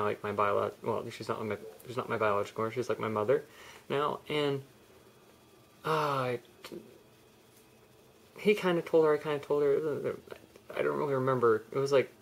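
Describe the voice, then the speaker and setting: A man's voice: medium pitch, gravelly. A young man telling a personal story in a candid, rambling vlog, often restarting his sentences. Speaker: vlogger.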